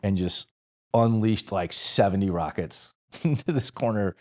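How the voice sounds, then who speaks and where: A former Marine from St. Louis telling a war story in casual, profane podcast talk, animated and laughing between lines, and tired. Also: male voice, on the low side, unhurried. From St. Louis, USA.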